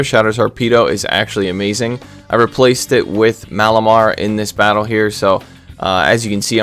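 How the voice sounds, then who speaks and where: Low-voiced man commentating a game. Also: fairly bright tone. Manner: self-deprecating, rambling with stutters. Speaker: gaming commentator.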